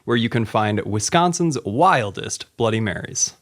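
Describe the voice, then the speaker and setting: A man hosting a podcast, explaining a story with relish in a relaxed chat. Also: fairly low pitch, moderate pace. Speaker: podcast host.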